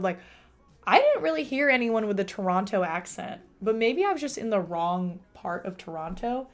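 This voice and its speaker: Chatty monotone woman streamer. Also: mid-range voice, fairly quick. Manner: chatty, reads out and answers chat. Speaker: live streamer. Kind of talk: casual live-stream chat. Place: room at home.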